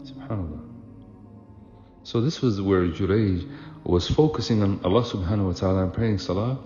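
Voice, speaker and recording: A man's voice: sits low, normal speed, long pauses, dark tone, dull audio. A man telling a religious story in a sermon, chatty and loose, with fillers and restarts, recorded in an echoey hall with music behind. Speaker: preacher.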